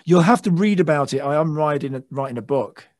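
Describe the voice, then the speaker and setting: A man, a guest guitarist, telling excitable stories in a casual interview, swearing and acting out shouts. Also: fairly high pitch, brisk, dry recording. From England.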